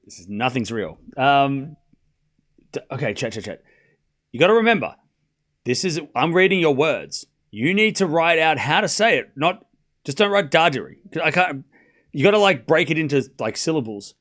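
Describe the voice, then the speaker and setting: Australian male streamer, slightly high voice, playful chat banter mixed with live tennis play-by-play. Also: sing-song, normal speed, fairly bright tone. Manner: playful and joking, reads chat aloud, repeats player names to practise them.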